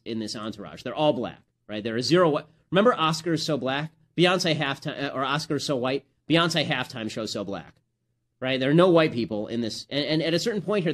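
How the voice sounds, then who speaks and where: A man in his thirties giving political commentary in a rapid, emphatic and sardonic way. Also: medium pitch.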